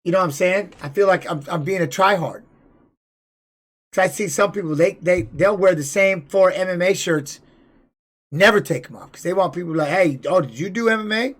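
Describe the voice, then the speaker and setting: A man and former fighter chatting casually, telling rambling stories with animated bursts. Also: high voice, a little fast. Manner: rambling, animated storytelling with laughs. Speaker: podcast host and former fighter. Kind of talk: casual chat and storytelling.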